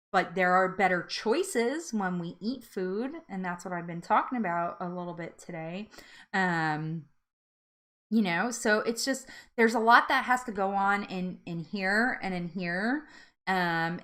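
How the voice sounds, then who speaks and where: A woman's voice: medium pitch, fairly bright tone. An earnest woman hosting a casual live weight loss support chat, talking with many fillers and restarts. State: teary and laughing through tears.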